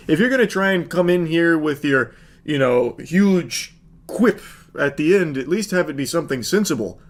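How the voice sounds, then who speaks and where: A man's voice: fairly high pitch, animated, normal speed. A man giving casual, sardonic, profanity-laced commentary.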